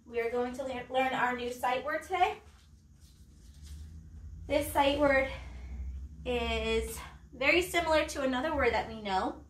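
A woman teaching a pre-K class from home, speaking slowly and clearly, with an encouraging manner and simple songs. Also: high-pitched, a bit bright, recorded from a distance. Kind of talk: remote circle-time lesson. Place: room at home. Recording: echoey room, voice away from the mic.

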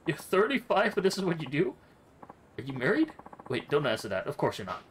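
A blunt, worn-out fighter, read out by a man who meets nonsense with dry sarcasm. His pitch leaps up and down in disbelief. His manner stays plain and unimpressed. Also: wildly swooping pitch, fairly quick, a little hiss or hum. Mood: sarcastic. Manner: sarcastic, incredulous. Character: blunt, exasperated male fighter.

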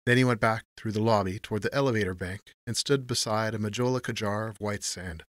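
Low-voiced man narrating noir. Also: fairly quick, no echo. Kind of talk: scripted narration of a noir story.

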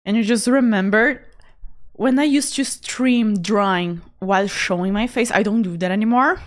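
A woman's voice: mid-range voice, normal speed. A woman chatting casually with her viewers while she draws, laughing often and repeating words for emphasis. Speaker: art streamer. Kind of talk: casual chat while drawing.

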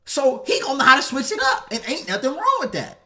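A man with an African American Vernacular English accent hosting a casual live stream. He talks in loose slang, repeats himself, and his pitch jumps around a lot. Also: sing-song, fast talker, bright, forceful tone. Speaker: host.

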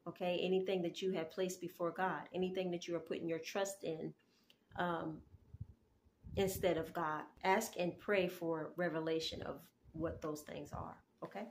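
A woman talking casually in a spoken devotional, slowing down and stressing her words when she reads scripture, with many "okay"s and "y'all"s along the way. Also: on the low side, steady tone, slight background noise. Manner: conversational, repeats "okay" often, says "y'all". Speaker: Christian video creator sharing a prophetic dream.

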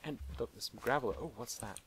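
A man's voice: medium pitch, a little fast, crowd noise. A young man hosting a let's play, rambling playfully and joking with the animals in the game. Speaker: gaming channel host.

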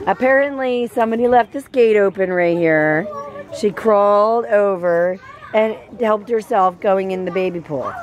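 A woman's voice: medium pitch, measured pace. A young woman narrating a family vlog outdoors at a backyard pool, chatting to viewers with lots of "like" fillers. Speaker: family vlogger.

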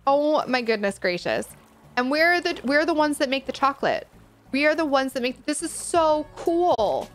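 A woman giving live reaction commentary as a gaming streamer, excitable and gushing, full of exclamations. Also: high voice, moderate pace, soft background music.

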